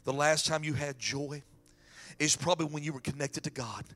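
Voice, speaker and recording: A man preaching a sermon as pastor, dropping to whispers and rising to shouts. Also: a little high, normal speed. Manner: dramatic swings from hushed whispers to shouting.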